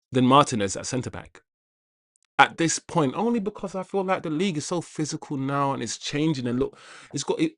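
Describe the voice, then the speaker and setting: A man with a higher-leaning, fairly bright voice and no echo hosts a live football watch-along stream. He chats casually with his audience, repeating himself and saying hello to viewers by name.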